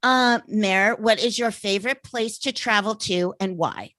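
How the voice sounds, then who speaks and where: A woman's voice: mid-range voice, measured pace, pushed and bright, no room sound. A woman hosting a casual interview podcast, reacting with enthusiastic, encouraging remarks and asking questions. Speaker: podcast host.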